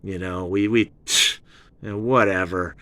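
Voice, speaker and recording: A man hosting a rambling album review show, excitable and profane, slipping into British slang. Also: low voice, unhurried. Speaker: host of a music commentary show.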